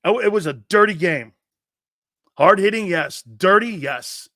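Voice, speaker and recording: A man's voice: high-pitched, animated, measured pace, bright, forceful tone, no room sound, studio quality. A man hosting a live sports talk show, reading viewer comments and ranting in a brash, profane, fired-up way.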